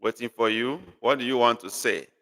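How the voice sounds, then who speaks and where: A man's voice: medium pitch, moderate pace, bright, forceful tone. A man teaching a live online language class, patiently repeating and correcting a student's sentences. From Nigeria. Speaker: language tutor.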